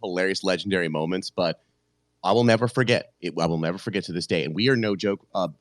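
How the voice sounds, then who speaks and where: An excitable, loudmouthed man racing through a story on a podcast, words tumbling out quickly and profanity thrown in. His voice sits close and dry, with no room echo. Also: sits low. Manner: excitable, loud, swears freely. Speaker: podcast guest host.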